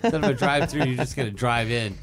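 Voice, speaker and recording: A man's voice: mid-range voice, fast talker, faint music behind. A man co-hosting a radio entertainment news segment, trading sarcastic asides in casual banter. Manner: wry, sarcastic asides with frequent laughs. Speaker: radio co-host.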